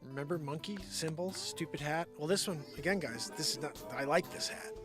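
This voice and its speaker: Over background music, a man with a slightly high voice talks fairly quickly while hosting a live show. His improvised comedic livestream talk is rambling and jokey, and he often slips into impressions.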